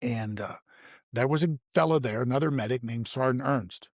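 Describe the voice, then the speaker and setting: A man's voice: medium pitch, normal speed, no echo, studio quality. Older man telling rambling stories. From United States. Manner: rambling anecdotes with repeated words and profanity. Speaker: guest, retired army medic. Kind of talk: casual storytelling.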